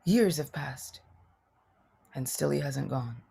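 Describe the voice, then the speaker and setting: Low-pitched, creaky and a little rough, a woman's dark voice moves slowly but with animation in a heavily acted performance. She plays a male royal advisor, telling in an earnest, humbled and sorrowful way how his eloquence failed him.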